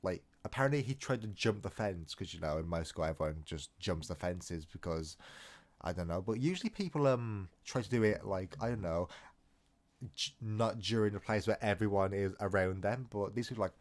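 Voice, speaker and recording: A young man tells a story in a loose, rambling way and keeps breaking off into self-mocking jokes. His voice sits low and deep. He talks as if to friends, casual and unscripted. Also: lively intonation, brisk. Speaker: storytime vlogger.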